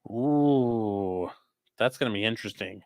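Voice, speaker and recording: A man hosting a live stream, chatting casually and answering viewers' questions as they come in. He rambles, restarts his sentences and lets his voice drop off between answers. The sound is dry and close, with a middling pitch. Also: expressive, moderate pace, fairly bright tone, dry recording. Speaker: livestream host reading chat.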